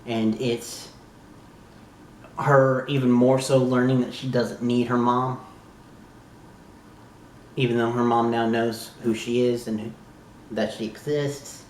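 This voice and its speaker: A young man from the southern United States talking casually as a YouTube reviewer, gushing and exclaiming like an excited fan who swears freely. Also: medium pitch, takes it slowly, long pauses, a little hiss or hum. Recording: echoey room.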